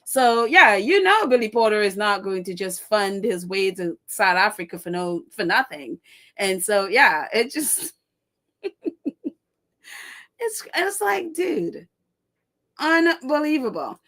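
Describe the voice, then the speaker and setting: A woman's voice: mid-range voice, animated, a little slow, sharp tone. A woman hosting a casual live stream, reading viewer comments and chatting with frequent laughs, fillers and sarcastic asides. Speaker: host.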